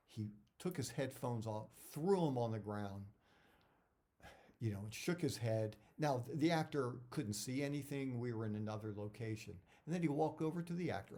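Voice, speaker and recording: A man's voice: medium pitch, expressive, normal speed, warm tone. A middle-aged man, an actor, giving career advice in a casual talk that rambles, repeats words and drifts off topic.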